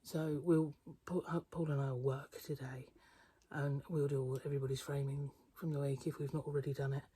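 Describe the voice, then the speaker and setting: A quilting vlogger films on a handheld phone in the early morning, giving a hushed, chatty tour of her garden and then a cupboard indoors, fondly talking to her cat at times. She has a bass voice with little pitch movement and speaks a little fast, while birdsong and distant traffic sound in the background.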